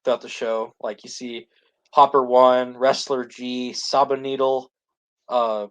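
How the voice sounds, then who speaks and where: A man's mid-range voice moves little in pitch and runs a little slow. He's a podcast co-host recapping a series, and his casual chat wanders, full of "like" and restarts.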